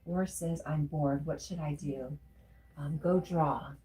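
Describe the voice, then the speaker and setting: Deep-voiced and slow, a woman hosts a casual livestream. She reads out comments from her viewers and responds with warmth, growing emotional as she goes.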